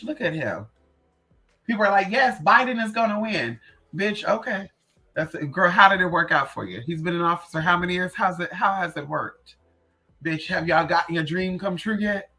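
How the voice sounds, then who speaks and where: A livestream host and spiritual reader chatting casually, sassy and profane, greeting viewers by name and telling animated stories full of "girl" and "honey". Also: medium pitch.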